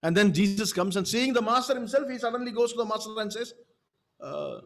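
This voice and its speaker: A man with a high voice preaches a sermon as pastor. He talks emphatically and repeats his points, often stopping to check in with the congregation through rhetorical questions. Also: expressive, a little fast, fairly bright tone.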